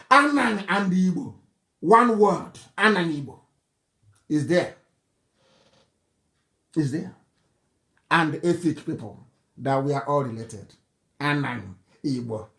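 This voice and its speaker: A man with a Nigerian accent delivers a heated broadcast monologue. His voice swings widely in pitch as he mocks and scolds his critics. He hammers home each point by repeating it. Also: creaky, fairly bright tone. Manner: combative and scornful, repeating insults and points for emphasis; breaks into mocking laughter between points. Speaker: political leader giving a broadcast. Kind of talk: fiery political broadcast monologue.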